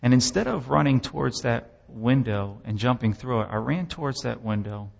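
A man's voice: mid-range voice, animated, normal speed, creaky, in a large hall, lo-fi sound. A man giving a sermon testimony, telling his story with impassioned, dramatic swells.

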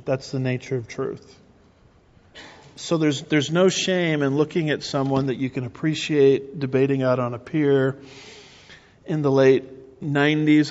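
A man's voice: medium pitch, darkish tone. A middle-aged man preaching emphatically, asking rhetorical questions and restarting his phrases. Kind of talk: sermon-style teaching. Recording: muffled recording with long reverb.

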